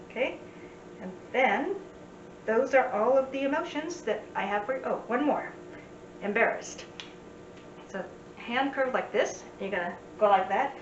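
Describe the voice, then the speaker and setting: A chatty woman explains signs in a relaxed lesson and drops playful asides. She sounds distant from the mic in a roomy space, and the sound is slightly dull with a faint hiss. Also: fairly high pitch. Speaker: sign language teacher. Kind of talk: casual spoken lesson.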